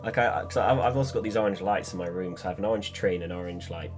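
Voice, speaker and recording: A man's voice: low voice, rapid-fire, music in the background. A young man, co-hosting a casual podcast chat and cracking jokes. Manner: joking, animated, laughs at own jokes. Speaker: podcast co-host.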